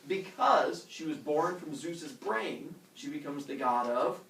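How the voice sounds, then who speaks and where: A male teacher retelling a myth to his class in a casual, animated way, full of fillers and sound effects. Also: on the high side, unhurried. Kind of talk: storytelling lesson. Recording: roomy classroom from far off.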